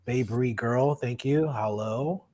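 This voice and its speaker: A man's voice: mid-range voice, slow, darkish tone. A man hosting a live comedy podcast, chatting casually, laughing often and greeting viewers by name. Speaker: podcast host.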